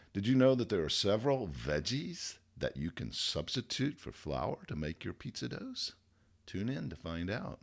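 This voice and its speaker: A man hosting a casual podcast, jokey and chatty. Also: lowish voice. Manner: jokey, animated. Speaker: podcast host.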